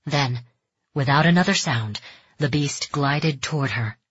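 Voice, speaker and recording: A woman narrating a dark fantasy audiobook in measured, tense storytelling. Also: low voice, husky, dry recording. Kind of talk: scripted narration. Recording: dull, dry close recording.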